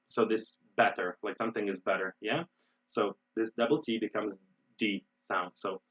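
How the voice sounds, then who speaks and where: A man's voice: on the low side, level tone, a little fast, fairly bright tone, husky, dull audio. An American man teaching English in an online webinar, explaining pronunciation with many fillers and restarts. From United States.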